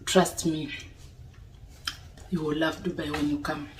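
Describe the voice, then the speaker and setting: A young woman chats unhurriedly to her audience, checking in with "you understand?". Her voice sits low, and it comes across a bit distant from the mic, with a noticeable room echo. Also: little pitch movement, unhurried, background noise. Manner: chatty, asks "you understand?" often. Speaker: vlogger. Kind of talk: casual talk to camera. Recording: roomy echo, voice a little off-mic.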